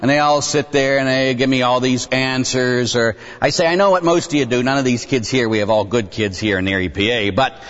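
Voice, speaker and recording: A middle-aged man, a Catholic priest, preaching a lively sermon and acting out dialogue with young people in different voices. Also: brisk, hardly any pauses. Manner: animated, acts out dialogue with kids, bursts into high excited voices. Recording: dull sound with long hall reverb.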